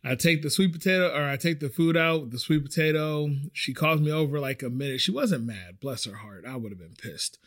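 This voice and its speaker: Young male podcast host, slightly high voice, loose rambling storyteller, casual swearing. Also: brisk, hardly any pauses, fairly bright tone.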